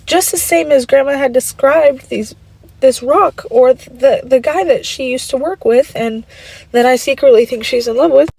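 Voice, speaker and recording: A woman's voice: high voice, moderate pace, creaky, a little mellow, husky, dry recording, rough recording. A woman, a stay-at-home mom, telling a personal story in an earnest, rambling way with frequent ums.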